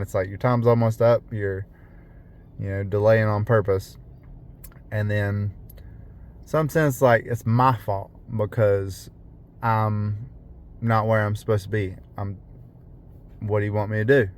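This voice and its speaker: Young male driver, low voice, unhurried rambling vlog from the car. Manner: rambling, with many fillers and restarts. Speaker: rideshare driver. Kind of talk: casual vlog monologue. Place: parked car.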